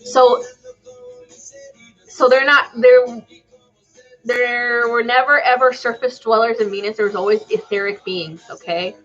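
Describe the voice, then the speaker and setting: A woman's voice: on the high side, fairly even intonation, a little slow, pauses often, fairly bright tone, dull audio, faint music behind. A woman talking casually as a psychic channeler on a live stream, rambling with many fillers and tacking "okay?" onto her lines. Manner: rambling, full of "um", "like" and tag "okay?".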